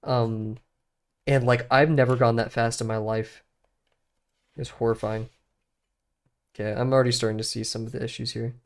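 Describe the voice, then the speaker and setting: A man's voice: medium pitch, moderate pace, pauses often. A young man streaming his drawing practice, chatting casually to himself and to chat with lots of fillers. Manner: relaxed, rambling, talks to himself and to chat with many fillers.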